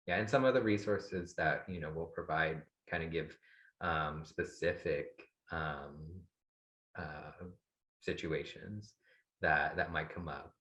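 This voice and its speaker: Deep-voiced man giving halting advice. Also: fairly bright tone, rough recording. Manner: thoughtful, halting with many fillers. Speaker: psychologist guest expert. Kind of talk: webinar advice talk.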